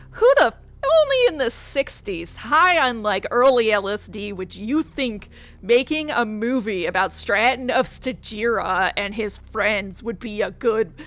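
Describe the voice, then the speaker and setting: A young woman with a medium-pitched voice and some vocal fry gives casual, giggly commentary as a let's play streamer. She rambles and corrects herself as she goes, and the recording has a dull lo-fi sound.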